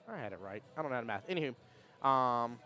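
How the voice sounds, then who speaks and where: Fast-talking man hosting a stream. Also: mid-range voice, expressive, bright, forceful tone. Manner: fast, rambling storyteller with restarts and laughs. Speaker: stream host of a pool tournament. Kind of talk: casual chat with live chat readouts.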